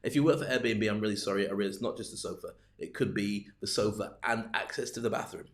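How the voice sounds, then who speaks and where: A man's voice: on the low side, steady tone, quick pace. A man hosting a live-streamed business talk, rambling with jokey, self-deprecating asides. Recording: roomy echo.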